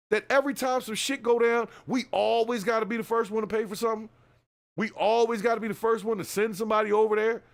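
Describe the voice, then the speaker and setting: A man hosting a podcast, giving a profane, animated political rant straight to his listeners. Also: sits high. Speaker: podcast host. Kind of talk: casual political commentary rant.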